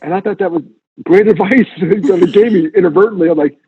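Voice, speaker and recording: A man with a slightly husky voice talks earnestly as an interview guest, repeating key points for emphasis. His voice comes through a thin, phone-like line. The sound is close and dry. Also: high-pitched, quick pace, dry recording. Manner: earnest, animated storyteller, emphatic repetition. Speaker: guest speaker. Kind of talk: conversational interview.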